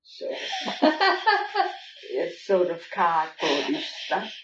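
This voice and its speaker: A woman's voice: deep voice, slight background noise. Older woman, rambling. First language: German. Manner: rambling, halting, many fillers. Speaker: interviewee. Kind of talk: reminiscing interview. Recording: roomy, distant, dull lo-fi recording.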